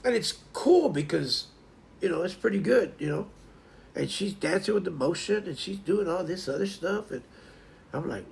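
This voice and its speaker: A man's voice: sits high, sing-song, moderate pace, creaky. A man hosting a casual morning livestream, chatting to viewers in a rambling way and often restarting his sentences. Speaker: livestream host.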